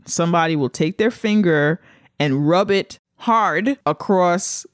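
A woman's voice: lowish voice, unhurried, no room sound. A woman co-hosts a podcast in casual chat, talking in long, rambling runs. She leans hard on her points with plenty of emphasis. Her voice sounds close and dry. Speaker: podcast co-host.

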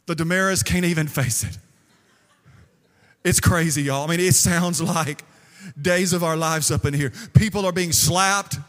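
A male pastor preaching a sermon, telling stories lively and acting out the quotes. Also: a little high, a little slow. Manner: lively storytelling with acted quotes. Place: church sanctuary. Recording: long hall reverb.

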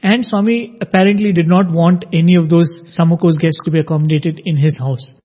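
Male storyteller with a high, dark, husky voice; lively, acts out quotes. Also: a little fast. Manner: animated, acts out quoted dialogue. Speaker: storyteller sharing a devotional anecdote. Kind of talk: conversational spiritual storytelling. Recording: dull lo-fi audio.

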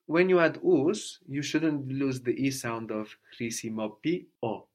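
A man's voice: medium pitch, animated, takes it slowly, a little mellow. A man teaching a language lesson, patiently prompting his student and often checking with a questioning "no?".

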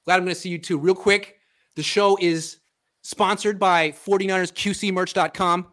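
Animated man breaking down football film. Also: sits high, normal speed. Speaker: podcast host. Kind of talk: casual sports chat.

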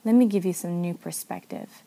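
A woman voicing a smooth-talking male vampire who teases and threatens his prey in a read-aloud story. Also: on the low side, normal speed, dark tone, close to an everyday voice. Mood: menacing. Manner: sly, teasing.

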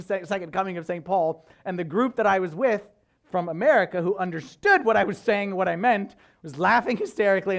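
A man, a priest, preaching a sermon as a conversational, animated story full of casual fillers. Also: sits high, vocal fry.

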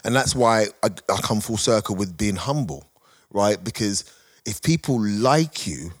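A man, a comedian telling animated stories on a podcast panel. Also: fairly low pitch, unhurried, slightly rough. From Britain. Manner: animated anecdote-telling with quoted voices. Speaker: guest comedian. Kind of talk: casual storytelling on a podcast panel. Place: studio.

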